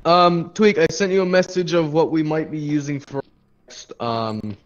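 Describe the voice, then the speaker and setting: Halting higher-voiced man on voice chat. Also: fairly even intonation, muffled recording. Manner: halting, many fillers and restarts. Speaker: gamer on voice chat. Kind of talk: casual group chat.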